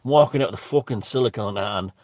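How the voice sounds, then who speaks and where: A man's voice: fairly low pitch, rapid-fire, darkish tone, no room sound. A man telling a story in a rambling, heavily profane monologue full of restarts. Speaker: vlogger.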